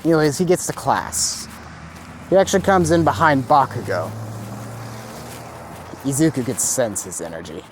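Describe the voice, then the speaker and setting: A man's voice: mid-range voice, expressive, moderate pace, pauses often, slight background noise. A man narrating an improvised fan story in a casual, rambling way, with lots of fillers and swearing. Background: dogs barking.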